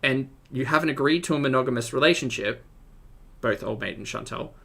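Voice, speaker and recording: A man's voice: mid-range voice, brisk, creaky. A man giving casual, exasperated reaction commentary as a streamer. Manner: animated, exasperated, chatty.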